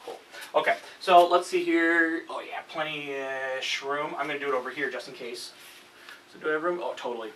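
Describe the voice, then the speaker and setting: A man's voice: fairly high pitch, fairly even intonation, normal speed, a bit bright, recorded from a distance, poor audio. Guy teaching chem at the whiteboard, chatty, keeps saying okay, recorded by a camera across the room, faint hiss. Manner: chatty, self-correcting, keeps checking in with "okay?". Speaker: chemistry teacher. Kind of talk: recorded classroom lesson at a whiteboard. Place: classroom with whiteboard. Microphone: camera set up across the room.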